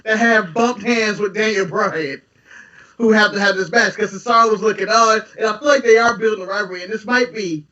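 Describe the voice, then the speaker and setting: A man's voice: high voice, fairly quick, sharp tone, far from the mic. A man co-hosting a casual podcast chat, speaking emphatically and laughing often. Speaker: podcast co-host. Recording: dull audio from off-mic.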